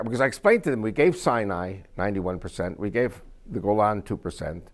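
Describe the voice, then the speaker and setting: A man's voice: on the low side, animated, a little fast, hardly any pauses. A man giving a lecture-style talk to an audience, telling stories emphatically and quizzing listeners with questions. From United States. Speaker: speaker to an audience.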